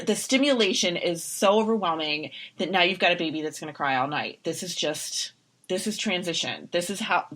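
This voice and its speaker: A middle-aged woman co-hosting a casual podcast chat, telling lively stories and acting out what worried parents say. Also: fairly low pitch. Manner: animated storyteller, acts out quoted parents. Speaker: podcast co-host, breastfeeding counselor.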